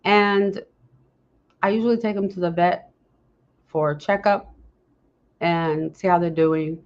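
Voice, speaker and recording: A woman's voice: lowish voice, steady tone, a little slow, highs cut off. A woman hosting a casual podcast, talking earnestly to listeners and often breaking off and restarting her sentences. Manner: earnest, speaks straight to listeners with questions. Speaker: podcast host. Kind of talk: casual unscripted podcast talk.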